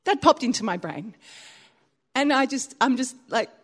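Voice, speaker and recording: Animated high-voiced woman preacher. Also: unhurried. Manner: animated storytelling with big pitch swings and laughter. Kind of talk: sermon. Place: church.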